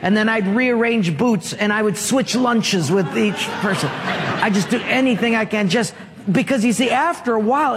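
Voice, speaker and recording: A pastor with a high-pitched, fairly bright voice preaches a sermon, telling funny stories and prompting the congregation to respond. The recording carries a long hall reverb.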